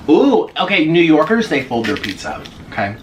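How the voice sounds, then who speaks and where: Excitable, animated man in his twenties. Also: on the high side, moderate pace, slight background noise. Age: 20s. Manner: excitable, gushing, many gasps and squeals. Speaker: vlogger. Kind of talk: casual mukbang chat. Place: apartment in a busy city. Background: faint street ambience.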